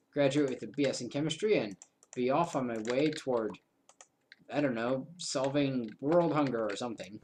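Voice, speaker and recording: A man's voice: medium pitch, a little hiss or hum. A young man in his twenties chatting through a game recording, rambling into self-mocking asides. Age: 20s. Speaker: gaming video host. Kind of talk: casual game commentary.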